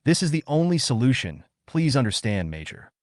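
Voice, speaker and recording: A man's voice: mid-range voice, big pitch swings, fairly quick, no room sound, studio quality, natural voice. A man voicing an anxious foreign comrade officer who speaks earnestly and urgently.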